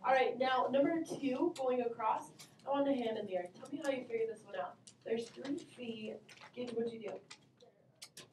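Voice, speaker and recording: A woman math teacher runs her class in a fairly high, mellow voice, brisk and upbeat. She asks questions and calls on students one after another. The sound is roomy and distant, with a faint hum behind her. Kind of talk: classroom instruction. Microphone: distant camera mic.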